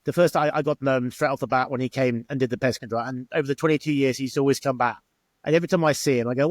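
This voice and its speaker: A man's voice: medium pitch, steady tone, rapid-fire, no room sound. Chatty man. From England. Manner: chatty, acts out quoted exchanges. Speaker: former bar owner. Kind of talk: interview storytelling.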